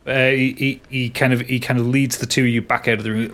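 A man's voice: mid-range voice, little pitch movement, fast, fairly bright tone. A man narrating a tabletop game as game master, describing scenes and laughing with his players.

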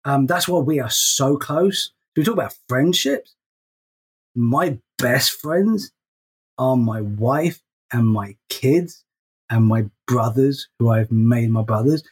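A man's voice: medium pitch, slow pace, husky. A middle-aged man co-hosting a podcast in casual chat, earnest, often repeating words as he stresses a point. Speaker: podcast co-host.

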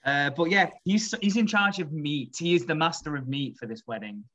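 A man's voice: fairly high pitch, normal speed, fairly bright tone, highs cut off. A man co-hosting a podcast in casual chat, laughing and swearing freely as he tells stories. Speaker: podcast co-host.

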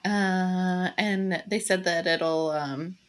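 A woman's voice: on the low side, fairly even intonation, extremely slow. A woman co-hosting a casual tech news chat, playful and giggly, with many fillers. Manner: giggly, playful, puts on silly accents. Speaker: podcast co-host.

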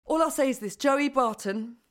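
A woman's voice: high voice, normal speed. A woman co-hosting a podcast who tells stories in a wry, teasing way during casual comedic chat. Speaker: podcast co-host.

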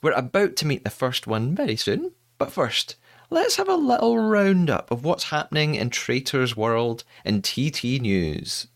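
A man's voice: on the high side, huge pitch swings, normal speed, gravelly. A man hosting a podcast in a casual, chatty monologue, playful and self-mocking as he runs through news. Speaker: podcast host.

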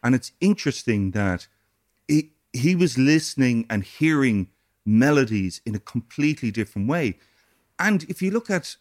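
A man co-hosts a relaxed podcast, chiming in with short agreeing words. When he takes the floor he tells a story in an easy conversational way. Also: mid-range voice. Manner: frequent short agreeing backchannels. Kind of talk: casual chat.

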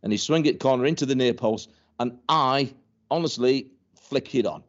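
In a relaxed interview, a retired pro footballer, now an older man, rambles through his stories with lots of restarts, repeated words and chuckles. His voice is mid-range at a moderate pace, heard on a dull lo-fi recording.

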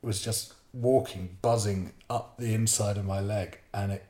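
Middle-aged guy telling a story, lots of ums, gets animated, lowish voice, echoey room. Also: unhurried. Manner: animated, hesitant with many ums, acts out his own panic. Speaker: podcast guest storyteller. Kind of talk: casual spoken storytelling.

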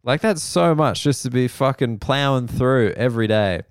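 An Australian comedian talks on his own podcast, rambling from one gripe to the next and swearing casually as he goes. His voice is smooth and clear. The sound is close and dry, with no room around it. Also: medium pitch, moderate pace, no echo. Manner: rambling, profane, mimics people in quoted asides. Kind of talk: solo comedic monologue. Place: quiet room at night.

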